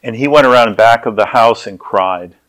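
A male preacher telling a sermon story in a relaxed, conversational manner. His voice sits at an ordinary middle pitch. He often repeats and restarts words as he goes. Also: normal speed.

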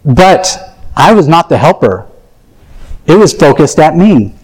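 A man's voice: on the high side, big pitch swings, unhurried, darkish tone, slightly rough, rough recording. Earnest man preaching a personal story. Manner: earnest, confessional, acts out his own thoughts. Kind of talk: sermon storytelling.

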